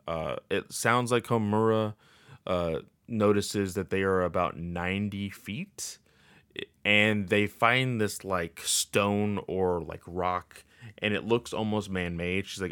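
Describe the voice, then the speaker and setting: A man's voice: low voice, slow, fairly bright tone, clear, resonant tone, no room sound, clean studio sound. A man casually recapping a game's story in a rambling way, with lots of filler words. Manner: rambling, filler-heavy with many uh and like.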